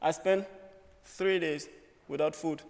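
Slow and gravelly, with a fairly high pitch and steady tone, a young student recounts a personal story in an echoing auditorium. His storytelling is earnest yet funny, broken into short phrases.

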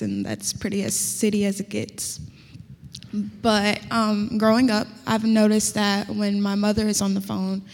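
A young woman from the Midwestern US, speaking thoughtfully as a student panelist and sometimes starting with hesitation. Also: mid-range voice. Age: young adult. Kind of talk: panel discussion. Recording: reverberant hall.

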